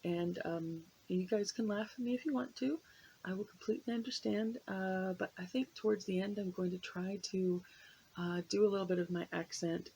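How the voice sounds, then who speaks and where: A woman's voice: medium pitch, fairly even intonation, moderate pace, gravelly, warm tone, a little hiss or hum, poor audio. An American woman talking to her viewers in a rambling, hesitant way, with many fillers and restarts. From United States. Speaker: vlogger. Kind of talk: casual chat to camera.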